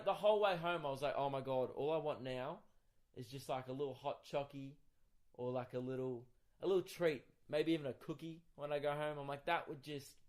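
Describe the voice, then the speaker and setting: Young Australian male comic, slightly high voice, sweary and exasperated, solo podcast storytelling. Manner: profane, exasperated, animated ranting. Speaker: comedian and podcast host. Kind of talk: casual comic storytelling monologue.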